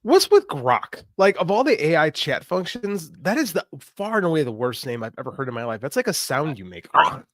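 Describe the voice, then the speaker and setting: A man co-hosting a podcast in casual chat, emphatic and animated. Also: fairly high pitch, fairly quick, few pauses, dry recording, studio quality. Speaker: podcast co-host.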